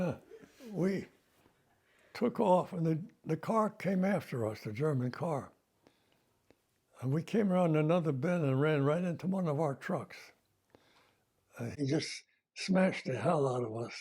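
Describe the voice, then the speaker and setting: Older veteran man, husky, halting. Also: on the high side, lively intonation, darkish tone. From United States. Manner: plain-spoken, halting, with fillers and self-corrections. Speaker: retired army veteran. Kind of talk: oral history recollection.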